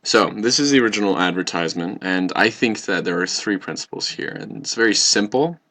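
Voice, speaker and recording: A young male student walks through a recorded class presentation in a deep voice with a gravelly edge. He sounds earnest and explanatory. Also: a little fast, bright, forceful tone. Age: young adult.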